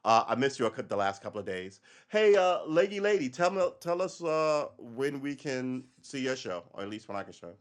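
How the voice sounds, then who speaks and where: A man's voice: medium pitch, big pitch swings, a little fast, hardly any pauses, smooth. A man hosts a loose live podcast and rants in a rambling, wry manner. He keeps wandering off on tangents and talks to his listeners as he goes. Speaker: podcast host. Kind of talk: casual live-stream rant.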